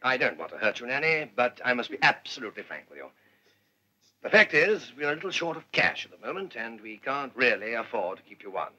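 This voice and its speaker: A man's voice: mid-range voice, very animated, a little fast, bright, forceful tone, exaggerated voice. A man playing a petulant, bedridden captain who blusters for whiskey and cigarettes in a 1950s British film. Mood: frank.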